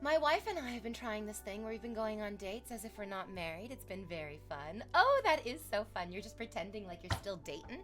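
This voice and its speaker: A young woman chatting casually on a live stream, excitable and swearing freely. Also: mid-range voice, fairly quick, hardly any pauses, faint music behind. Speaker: livestreamer.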